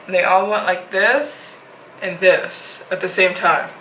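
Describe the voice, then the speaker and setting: A young woman vlogger telling a story in a lively way, full of fillers. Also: fairly low pitch, measured pace, slight background noise. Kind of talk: storytime narration. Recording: roomy echo with faint music.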